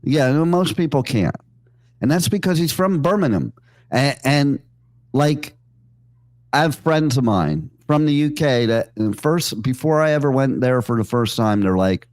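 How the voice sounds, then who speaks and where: A man's voice: mid-range voice, animated, moderate pace, a little mellow, dry recording. A man hosting a radio show, telling loose, joking stories with many fillers and asides. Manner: rambling, jokey, full of fillers and asides. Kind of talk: casual on-air storytelling. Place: radio studio.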